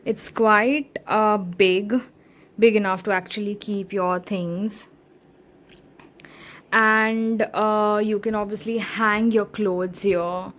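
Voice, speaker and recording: A woman vlogging her travels in a relaxed, casual way, with lots of fillers and pauses as she shows a hostel room and a beach. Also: mid-range voice, rough recording. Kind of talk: casual travel vlog narration. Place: hostel room and outdoors on an island.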